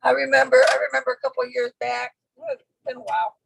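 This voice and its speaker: Woman co-host, animated and exclaiming, swooping lively pitch, a bit gravelly. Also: quick pace, slight background noise, low-quality recording. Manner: animated, exclaims, laughs easily. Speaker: co-host sewing on the stream. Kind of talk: casual chat while sewing.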